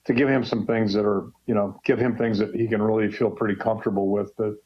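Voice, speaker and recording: A man in his sixties talks casually on a call-in radio show, his voice low and a little muffled by the dull broadcast sound. He rambles in a folksy way, restarting sentences and filling pauses with "uh" and "you know.". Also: little pitch movement, husky. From Western Pennsylvania. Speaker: head football coach, show guest.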